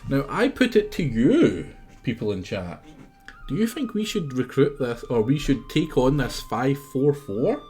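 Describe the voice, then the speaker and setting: A man's voice: medium pitch, warm tone, slightly rough. A Scottish man streaming a game live, chatting and teasing his viewers in a casual, chatty way.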